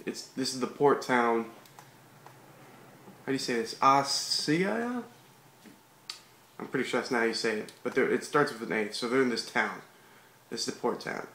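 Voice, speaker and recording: The voice is mid-range and a bit bright: a comic read-along host casually reading aloud and chiming in with slangy, easygoing remarks. Background hiss and room echo fill the recording.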